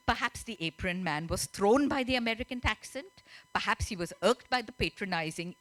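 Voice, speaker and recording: A woman's voice: mid-range voice, expressive, moderate pace, a bit bright, no echo. A woman author, chatty and laughing often as she tells and reads her story at a festival. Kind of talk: reading aloud and storytelling at a literature festival. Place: festival stage.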